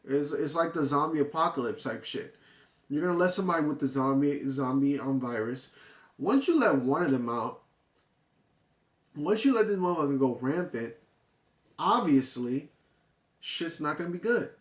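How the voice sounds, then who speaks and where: A man's voice: on the high side, normal speed, pauses often, roomy sound. A man reviewing a manga chapter in casual, profane talk, often restarting and getting worked up. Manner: excitable, profane, full of restarts and fillers.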